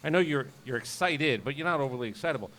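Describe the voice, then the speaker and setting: A man's voice: mid-range voice, expressive, fast, a bit bright, a little hiss or hum. A man hosting a casual interview, chatty and encouraging, joking along with his guest. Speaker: host.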